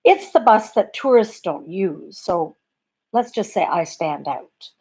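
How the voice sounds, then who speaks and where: A woman from Canada telling a bedtime story as a comic storyteller. She is wry and conversational, and she pokes fun at herself, with a medium-pitched voice. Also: lively intonation, slow, a little mellow, slightly rough. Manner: wry, conversational, self-deprecating.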